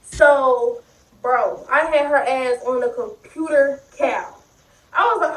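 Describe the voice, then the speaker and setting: A young woman vlogger telling a story in a casual, animated, profane and slangy way. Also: high voice, unhurried, recorded from a distance. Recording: echoey room, a little off-mic.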